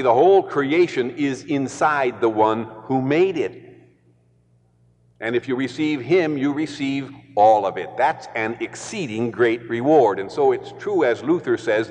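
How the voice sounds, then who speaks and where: A male preacher delivers his sermon at an unhurried pace, driving points home through careful repetition. His voice sits in a middle register. It carries a long reverberant tail, as if he is speaking in a large hall. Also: mid-range voice, darkish tone. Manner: deliberate, emphatic repetition.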